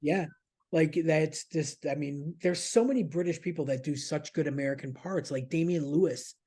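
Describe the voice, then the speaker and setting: A man's voice: on the high side, normal speed, warm tone, slightly rough. A man chatting casually as a podcast's regular news contributor, rambling, laughing and swearing freely.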